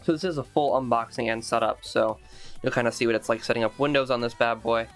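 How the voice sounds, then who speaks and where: A man's voice: medium pitch, steady tone, quick pace, fairly bright tone, faint music behind. A young man chatting casually as he unboxes and sets up a laptop, thinking aloud with plenty of fillers. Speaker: tech vlogger.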